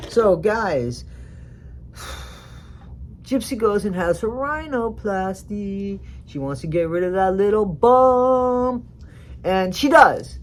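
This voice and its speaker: This reality show commentary comes from a blunt, rambling gossip vlogger with a medium-pitched voice, who alternates between muttered asides and loud outbursts in a casual tone.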